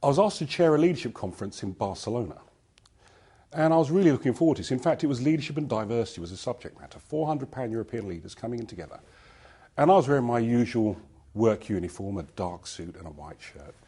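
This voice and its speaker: A man giving a talk, telling a personal story in a lively storytelling manner. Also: medium pitch, fast, slightly rough. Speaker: conference speaker.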